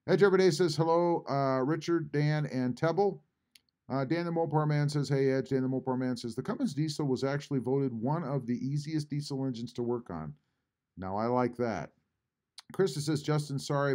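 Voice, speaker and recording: Man, live-stream host, reading chat aloud, casual, halting with uh pauses, mid-pitched voice. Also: a little mellow. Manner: reads chat messages aloud and answers them, with many "uh" pauses. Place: home, at a computer.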